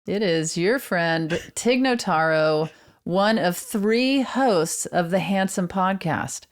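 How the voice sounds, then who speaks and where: A woman's voice: on the low side, lively intonation, slow. A woman hosting a podcast in casual chat, dry and musing in manner. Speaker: podcast co-host.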